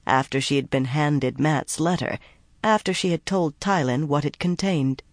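Reading a fantasy novel for an audiobook, the narrator keeps an even, measured storytelling tone in scripted narration. Expect a mid-range voice and a dry, studio-quality recording.

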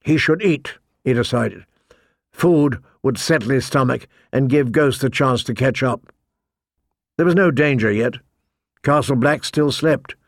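A man reads a fantasy novel aloud in a measured, deliberate way, his voice grainy with vocal fry. The recording is dry and close, with no room sound. His pitch sits in an ordinary middle range. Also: no echo. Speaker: audiobook narrator. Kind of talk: scripted fantasy narration.

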